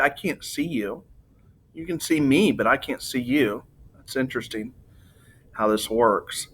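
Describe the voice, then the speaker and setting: Bright-voiced teacher reading aloud. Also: male voice, medium pitch. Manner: relaxed, unhurried, with fillers. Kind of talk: reading a novel aloud to students.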